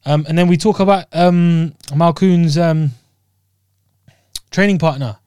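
Male podcast co-host, fairly high voice, rambling casual chat, dry close sound. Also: unhurried, warm tone, clean tone, dry recording. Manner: laid-back, rambling, lots of fillers.

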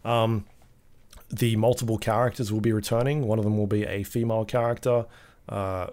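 A man co-hosting a podcast, chatting casually about game news with a relaxed, hesitant delivery and plenty of ums. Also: lowish voice, moderate pace. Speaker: podcast co-host. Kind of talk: casual gaming news chat.

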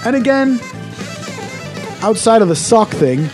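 A Canadian man rants through casual podcast banter, loud and sweary. His voice sits high for a man. Faint music plays under the talk. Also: very animated, measured pace. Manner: loud, ranting, heavy swearing. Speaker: podcast co-host.

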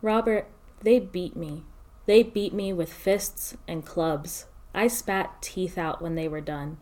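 A woman narrates a first-person story in a fairly low voice. Her delivery is steady and measured, with lines laid out one at a time.

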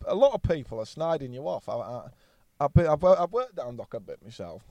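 A man's voice: on the high side, very animated, fairly quick, dark tone, no echo. Man in his thirties, podcast guest, rambling and sweary, dry close sound. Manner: blunt, swears freely, rambling anecdotes. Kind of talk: casual storytelling chat.

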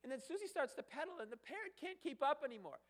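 A man's voice: very high-pitched, animated, fast talker, fairly bright tone. A man preaching a sermon as pastor, emphatic and fond of repeating phrases and asking rhetorical questions. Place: church sanctuary. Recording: long hall reverb.

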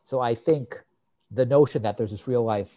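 A man co-hosting a podcast, recapping an old sitcom episode in a relaxed, explanatory way. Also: mid-range voice, moderate pace, dry recording. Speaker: podcast co-host. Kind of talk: casual chat, recapping an episode.

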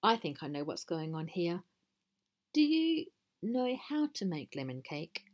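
A woman's voice: on the low side, sing-song, unhurried. A woman voicing a magnanimous, polite mother goat in a storybook reading. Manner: polite and reasonable.

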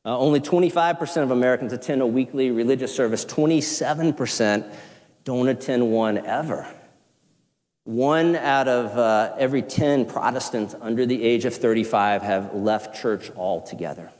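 A man with a Southern accent, a pastor preaching a sermon in an animated, conversational way with self-deprecating asides. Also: medium pitch, moderate pace. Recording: long hall reverb.

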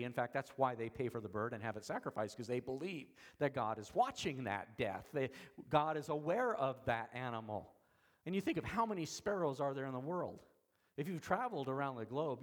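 A man preaching an expository sermon, shifting from soft, slow lines to loud emphatic ones, with folksy, self-deprecating asides. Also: medium pitch, animated. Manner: dramatic swings between soft and emphatic, slows on key words. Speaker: pastor.

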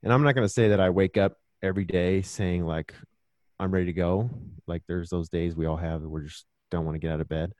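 Low, mellow-voiced man, earnest. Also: fairly even intonation, a little fast, no echo. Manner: earnest, reflective storytelling. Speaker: podcast guest. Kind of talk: casual podcast conversation.

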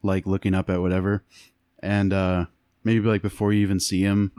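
A man co-hosting a casual chat, excitable and acting out scenes in quick voices. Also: deep voice, smooth, dry recording, studio quality. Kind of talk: casual chat about superhero movies.

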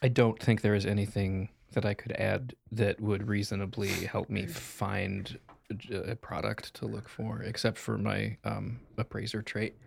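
A man's voice: on the low side, little pitch movement, unhurried, gravelly, slight background noise. A man playing his character in a tabletop game, joking and trailing into fillers. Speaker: player. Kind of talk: tabletop role-play, in and out of character.

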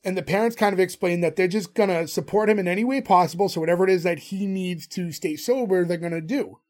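High-voiced man recapping a show. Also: quick pace, darkish tone. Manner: storytelling, recaps episodes. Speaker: podcast co-host. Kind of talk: casual chat.

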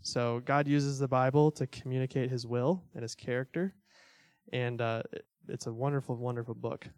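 A young man gives a relaxed church talk, loose and chatty, with fillers and small laughs scattered through. His voice sits at an ordinary middle pitch. The sound is close and dry, with no room around it. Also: normal speed, no echo. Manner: conversational, filler-heavy, self-deprecating laughs. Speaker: church teacher. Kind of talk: casual teaching talk.

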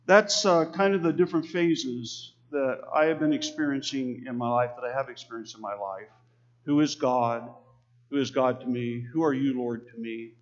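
A Texas preacher with a medium-pitched voice and moderate pace delivers a sermon earnestly and conversationally, calling on the congregation to repeat lines after him. The recording is dull and lo-fi.

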